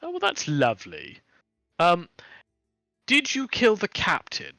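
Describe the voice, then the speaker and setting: A man's voice: high voice, wildly swooping pitch, a little slow, bright, forceful tone, no room sound, soft background music, pitched above the performer's own voice, exaggerated voice. A man playing a haughty, posh woman, a swamp witch, in an airy, theatrical manner. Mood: delighted. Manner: airy, theatrical and fond of endearments.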